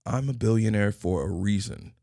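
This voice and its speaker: A man's voice: on the low side, moderate pace, creaky, dark tone, no echo, studio quality. A middle-aged man hosting his own podcast, delivering a scripted motivational monologue in emphatic, repeated declarations. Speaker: podcast host and consultant.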